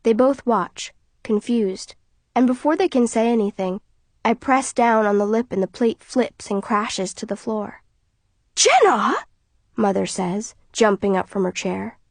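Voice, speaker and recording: A woman narrating an audiobook in the first person, in a quiet, tense manner. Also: medium pitch, measured pace, dry recording.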